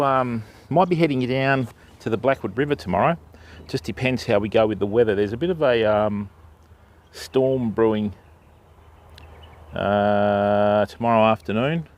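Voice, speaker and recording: A middle-aged Australian man with a lowish, darkish voice hosts a fishing livestream outdoors by a river on private property. Laid-back and chatty, he greets viewers by name as he goes.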